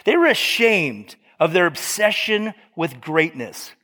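A man's voice: a little high, very animated, slow, sharp tone, big-room sound. A male pastor preaching a sermon in a conversational way, with joking asides and frequent self-corrections.

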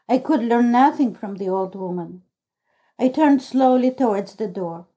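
A woman narrates a classic novel as a storybook reading, measured and even. Her voice is mellow and warm, set a little high, and she takes her time. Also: breathy edge, low-quality recording. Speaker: audiobook reader.

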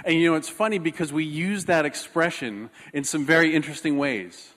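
Animated storytelling pastor in a reverberant hall. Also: male voice, a little high, brisk. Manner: animated, self-mocking storytelling. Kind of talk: sermon with a personal story.

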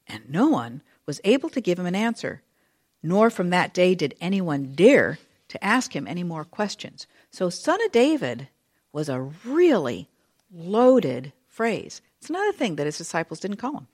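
A woman teaching a Bible study in a chatty, conversational way, full of asides and lively retelling. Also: on the low side, moderate pace, slightly rough. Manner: expressive, animated retelling.

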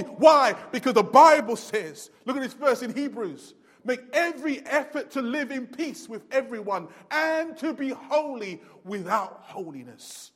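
A man preaching a sermon, swinging between loud emphatic lines and low, quiet ones. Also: expressive, moderate pace, hardly any pauses, breathy edge. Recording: long hall reverb.

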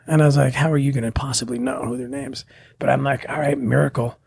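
A middle-aged man telling a personal story in a casual, animated way, acting out the voices of the people in it. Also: medium pitch, fast, creaky, a little hiss or hum. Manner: animated, acts out quoted voices. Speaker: guest telling his story.

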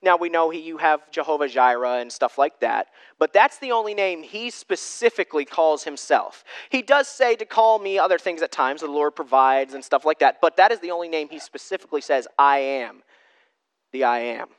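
Smooth-voiced man preaching emphatically. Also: fairly high pitch, fairly quick, hardly any pauses. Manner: emphatic, swings from loud stresses to hushed asides; conversational, addresses listeners directly. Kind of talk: sermon teaching from note sheet.

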